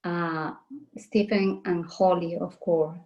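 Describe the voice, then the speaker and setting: Slow-speaking woman, hesitant non-native English. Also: on the low side, steady tone, darkish tone, muffled recording. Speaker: guest business owner. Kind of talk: casual thank-you speech.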